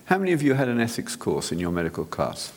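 A man's voice: mid-range voice, very animated, quick pace, long reverb tail. A man, a physician, giving an earnest, direct sermon-style talk to an audience, often restarting his sentences. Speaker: physician speaker.

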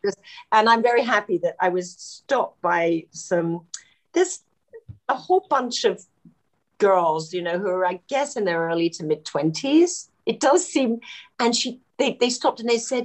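A woman telling film-set anecdotes in a relaxed interview, often laughing as she talks. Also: fairly high pitch, a little slow. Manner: animated, laughing storyteller. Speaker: actress guest.

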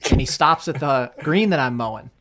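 A man's voice: medium pitch, brisk. A young man co-hosting a casual podcast, telling work stories with laughs and acted-out quotes. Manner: animated, laughing storyteller who acts out quotes. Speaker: podcast co-host. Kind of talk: casual storytelling chat.

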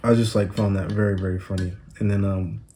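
A man's voice: deep voice, level tone, a little fast, mellow, a little hiss or hum. A young man hosting a podcast, telling stories in a loose, rambling monologue full of slang, recorded on a phone. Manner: laid-back, rambling slang-heavy storytelling. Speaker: podcast host. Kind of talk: casual solo monologue.

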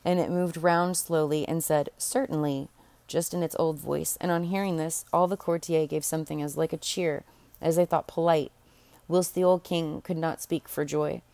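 A woman's voice: low voice, steady tone, normal speed, a little mellow, no echo. A woman reading a fairy tale aloud in an unpolished way, stopping to restart and correct herself. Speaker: audiobook reader. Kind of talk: storybook narration.

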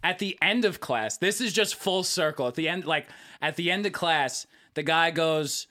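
A man in his thirties chatting casually as a podcast co-host, an animated storyteller who swears freely and acts out quotes. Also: fairly high pitch, normal speed, few pauses. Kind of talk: casual chat.

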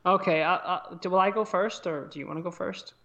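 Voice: mid-range voice, fairly even intonation, quick pace, gravelly, sharp tone, lo-fi sound, a little hiss or hum. A podcast co-host in casual chat, playful and teasing, telling jokes.

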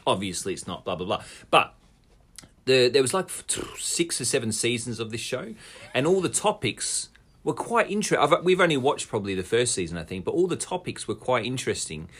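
A man's voice: medium pitch, sing-song, brisk, a bit bright, breathy edge. An Australian man co-hosting a podcast, chatting casually, laughing often and swearing. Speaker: podcast co-host. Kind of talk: casual chat.

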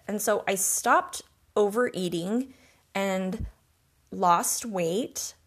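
Slow, earnest woman telling her story. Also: medium pitch, slightly rough. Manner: earnest, reflective, emotional. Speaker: podcast host. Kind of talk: personal storytelling monologue.

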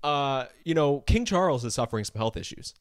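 A man co-hosting a casual celebrity gossip podcast, joking and conspiratorial, telling animated stories. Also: mid-range voice, a little fast, dry recording, studio quality. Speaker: podcast co-host.

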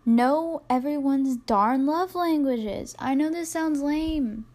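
A woman's voice: high-pitched, takes it slowly, darkish tone, soft background music. A young adult woman hosting a solo podcast, rambling casually and self-deprecatingly with plenty of fillers. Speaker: podcast host.

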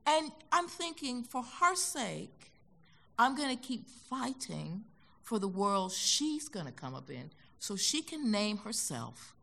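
An older American woman telling stories as a guest in an onstage conversation, animated and acting out the voices she quotes. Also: medium pitch, slow pace, creaky. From United States. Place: concert hall stage.

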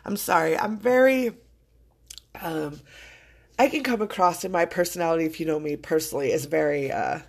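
A woman's voice: deep voice, normal speed. Earnest woman podcaster, heartfelt and casual. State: choking up with emotion. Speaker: podcast host. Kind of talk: casual motivational monologue.

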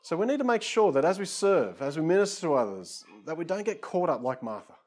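A man's voice: on the high side, sing-song, fast talker, darkish tone. A man preaching a conversational sermon, casual and self-deprecating, with frequent asides to his listeners.

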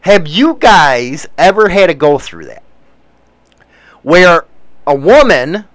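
Animated, profane man hosting a casual show. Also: on the high side, takes it slowly, dry recording. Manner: rambling, profane, wisecracking. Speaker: show host reading the news. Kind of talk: casual live show chat.

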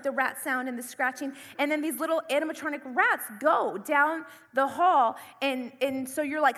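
Bright-voiced woman preaching in a hall. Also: high voice. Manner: animated storytelling, acts out screams and panic. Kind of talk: sermon with personal story. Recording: long hall reverb.

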